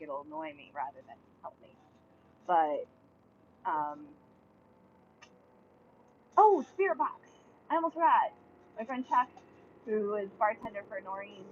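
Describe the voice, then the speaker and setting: A young woman talks straight to her camera in a casual, unfiltered way, swearing freely. She turns blunt and heated and can rise into loud angry ranting. The sound is dull and lo-fi, with a faint hiss of noise behind her. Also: mid-range voice. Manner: blunt and heavily profane, flaring into loud angry rants. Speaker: vlogger. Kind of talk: casual chat to camera, reading viewer comments.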